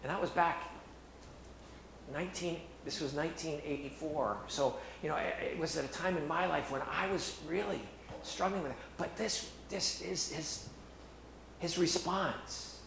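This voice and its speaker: A middle-aged man giving a sermon in an earnest, halting way, often restarting his phrases. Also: fairly high pitch, vocal fry, fairly bright tone, slight background noise. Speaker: preacher. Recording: echoey room with faint ambience.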